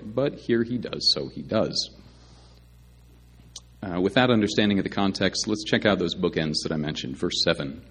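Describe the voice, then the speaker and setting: Pastor, male, deep husky voice, lively swooping delivery, casual sermon with sarcastic asides. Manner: conversational, playfully sarcastic, many ums.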